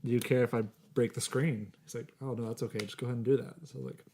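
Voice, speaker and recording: A young man on a casual podcast, recounting his own mishap in a relaxed way and laughing at himself. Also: mid-range voice, very fast, a little hiss or hum. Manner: relaxed, chuckles through his own story. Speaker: podcast co-host. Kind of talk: casual storytelling among friends.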